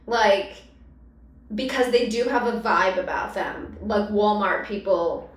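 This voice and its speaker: A woman's voice: mid-range voice, slow, echoey room, far from the mic, poor audio. A woman from the US East Coast co-hosting a comedy podcast, giving frank, judgmental opinions in casual chat. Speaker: podcast co-host.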